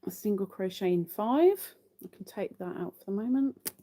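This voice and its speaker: A woman's voice: medium pitch, lively intonation, normal speed, mellow, slight background noise. A woman hosting a live crochet stream, chatting casually to viewers while she counts her stitches.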